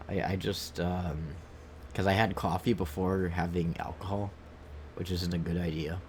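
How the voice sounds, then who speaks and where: A low-pitched man with a stuffed-up nose rambles casually through a gameplay stream. He drifts between thoughts and now and then reads the game's lines aloud. A faint hiss sits under his voice. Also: fairly even intonation, normal speed, a little mellow.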